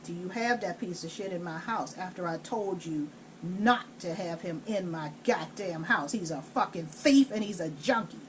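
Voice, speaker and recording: A woman quoting an angry older man in a story, speaking low, clipped and furious as she tells him off. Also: moderate pace, noisy background, natural voice.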